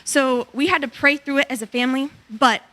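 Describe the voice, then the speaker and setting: Recounting a mission trip for a church testimony, a woman in her twenties acts out people's dialogue with animated energy. She has a high voice and talks a little fast.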